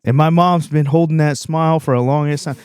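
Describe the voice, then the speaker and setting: A man's voice: fairly high pitch, fairly even intonation, fairly quick, darkish tone, smooth, no echo, clean studio sound. A man hosting a solo comedy podcast, telling stories in a rambling, profane, blunt way.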